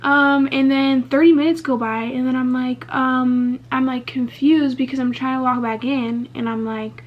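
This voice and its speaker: Steady in tone and moderate in pace, this high-voiced young woman talks frankly during a get-ready-with-me Q&A for her beauty channel. She swears openly and peppers her speech with "um" and "like", captured on a slightly muffled lo-fi recording.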